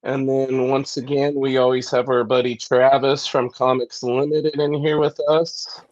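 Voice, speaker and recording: A man's voice: medium pitch, flat delivery, measured pace, a little mellow, no echo, muffled recording. A man hosting a casual live-stream chat, nasal and stuffed up from a cold, easygoing and laughing at himself. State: congested, nasal from cold medicine. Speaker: host.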